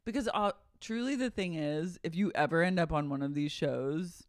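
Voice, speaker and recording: A woman's voice: deep voice, moderate pace, no echo, studio quality. A woman co-hosting a podcast, recapping a reality show in casual chat with wry roasting banter and frequent laughs. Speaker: podcast co-host.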